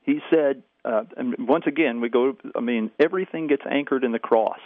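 A man, a pastor, speaking calmly as a guest on a radio show, with a preacher's cadence. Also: medium pitch, moderate pace, no room sound. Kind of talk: radio interview over the phone. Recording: tinny phone line.

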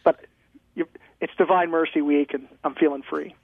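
A man's voice: on the high side, fairly even intonation, normal speed, gravelly, no echo. A man, a guest pastor, talking with energy and humor on a call-in radio show, sometimes ranting. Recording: tinny phone line.

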